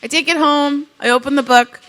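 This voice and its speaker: Woman keynote speaker, from Canada, high voice, bright and crisp, humorous storytelling. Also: fairly quick. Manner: humorous, animated storytelling with quoted asides.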